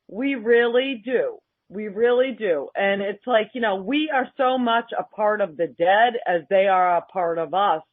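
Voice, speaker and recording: A woman's voice: mid-range voice, no room sound. A woman hosting a talk show, speaking casually, emphatic and opinionated with mild slang. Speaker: podcast host. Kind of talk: casual chat. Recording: tinny phone line.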